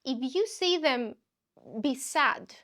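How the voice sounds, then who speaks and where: High-voiced woman telling comic stories. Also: slow pace. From Greece. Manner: animated, acts out dialogues with other people. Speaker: podcast host and comedian. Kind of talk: comedic storytelling monologue.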